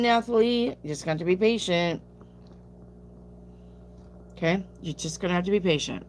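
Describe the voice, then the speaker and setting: Brief: lower-voiced woman, sleepy live-stream tarot reader, blunt casual answers, faint hum behind. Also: animated, normal speed, pauses often. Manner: chatty, reads viewer questions aloud and answers bluntly. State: sleepy, yawning.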